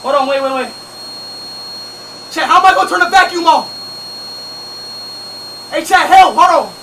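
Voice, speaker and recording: A young man livestreaming to his chat, loud, panicky and pleading. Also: very high-pitched, moderate pace. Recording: distant mic with clear background noise.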